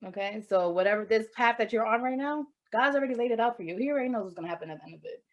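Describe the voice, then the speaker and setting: The audio is dull, and this podcast co-host speaks very fast in a slightly high voice. An adult with a child, she chats candidly and emotionally about happiness, cursing freely.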